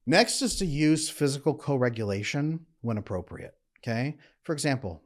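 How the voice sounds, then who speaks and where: A man who is a relationship coach, giving an earnest, emphatic instructional monologue that slows down at times to demonstrate calm. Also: medium pitch.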